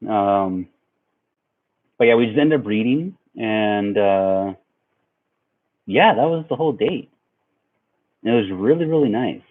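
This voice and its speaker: Laid-back low-voiced young man rambling. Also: expressive, takes it slowly, pauses often. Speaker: vlogger. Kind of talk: casual storytelling. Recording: tinny phone-like sound.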